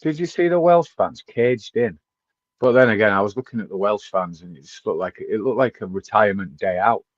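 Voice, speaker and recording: A man's voice: lowish voice, brisk, no room sound, lo-fi sound. A man co-hosting a casual football podcast, blunt and sweary, mock-ranting. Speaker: podcast co-host.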